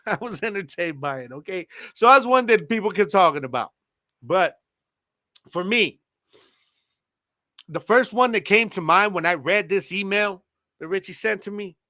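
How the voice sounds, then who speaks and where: A man's voice: high-pitched, pushed and bright, dry recording, clean studio sound. A man in his thirties hosting a podcast, talking in laid-back, slangy banter and laughing often. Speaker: podcast host. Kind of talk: casual chat.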